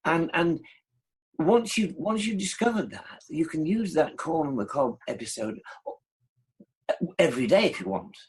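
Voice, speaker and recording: A man's voice: on the high side, sing-song, measured pace, pauses often, husky. A British man as an interview guest, talking enthusiastically and affirming the host. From United Kingdom. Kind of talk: casual interview chat.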